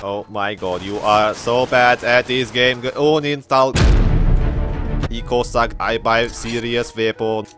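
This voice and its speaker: A man's voice: mid-range voice, fairly even intonation, slow pace, natural voice. A man voicing a servile male robot bot teammate with old microchips, talking in stiff broken English and doting on his master. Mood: stiff, fawning. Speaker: gaming video maker. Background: background music.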